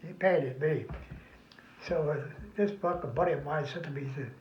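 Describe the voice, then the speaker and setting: An older veteran, his voice a little high and fairly quick, rambles through his memories in a heavily profane oral history interview. The room recording is echoey and somewhat muffled, with a little hiss or hum.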